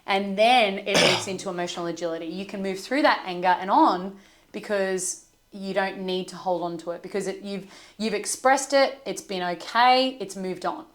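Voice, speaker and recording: Earnest, gentle woman coach. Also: medium pitch, moderate pace. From Australia. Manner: earnest, gentle storytelling with soft quoted asides. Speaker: emotional intelligence coach. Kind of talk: podcast conversation.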